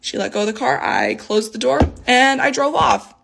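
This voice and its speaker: A young woman telling a storytime tale in a casual, animated way, swearing freely and acting out the voices of people she quotes. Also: on the high side, moderate pace, vocal fry, background noise. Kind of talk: storytime vlog.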